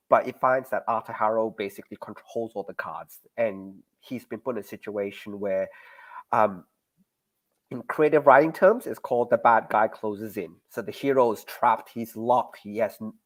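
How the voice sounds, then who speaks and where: Laid-back man, chatty host. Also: medium pitch. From Australia. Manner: animated, laughs often, breaks into mock voices. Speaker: podcast host. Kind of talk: casual chat about a TV series.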